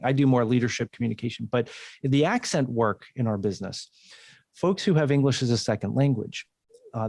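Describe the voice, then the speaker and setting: A man's voice: mid-range voice, a little mellow, no echo, clean studio sound. A man from the United States, a communication coach, talking as a podcast guest. He explains things at length and often restarts his phrases. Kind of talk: casual interview conversation.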